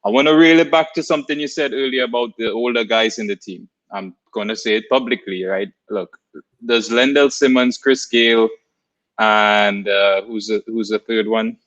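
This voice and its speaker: A man co-hosting a cricket podcast who talks in a calm, measured way, with a few ums and uhs. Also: on the low side, muffled recording. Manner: calm, measured, agreeable, with fillers. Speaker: podcast co-host.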